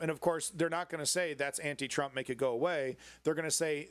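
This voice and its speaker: A man's voice: a little high, steady tone, quick pace, few pauses, fairly bright tone, clear, resonant tone, dry recording. A man hosting a casual live-stream news commentary show, rambling and sarcastic, swearing freely and greeting viewers in the chat.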